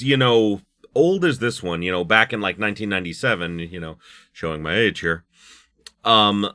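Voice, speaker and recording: A man's voice: mid-range voice, pushed and bright, dry recording. A man in his thirties giving rambling let's play commentary, full of likes and you knows. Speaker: gaming YouTuber.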